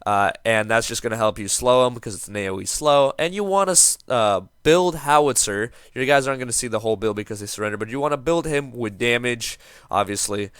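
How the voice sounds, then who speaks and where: A man's voice: mid-range voice, animated, brisk, a bit bright, clear, resonant tone, no echo, studio quality. A young man giving casual, upbeat commentary as he explains how to play a game hero, joking around with a just-woken-up morning voice. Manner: joking, upbeat, self-mocking. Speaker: game guide host.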